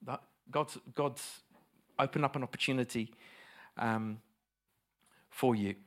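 A man's voice: medium pitch, takes it slowly. A man preaching a sermon, emphatic and asking his listeners rhetorical questions.

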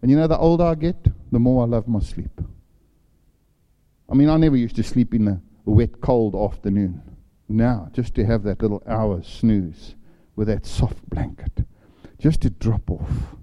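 A man's voice: medium pitch, a little slow, dull audio. Older male preacher in a reverberant hall. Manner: storytelling, acts out voices in his anecdotes. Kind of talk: sermon.

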